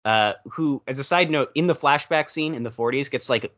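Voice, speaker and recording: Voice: mid-range voice, moderate pace, fairly bright tone, dull audio. A podcast co-host chatting casually about movies, telling long rambling stories with playful quoted asides.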